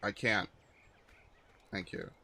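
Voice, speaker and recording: A man talking through a video game stream in a loose, rambling way, with a bright, forceful voice. He drifts between the game and side topics and swears often. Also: slow. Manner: rambling, profane, chatty asides. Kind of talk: casual gameplay commentary.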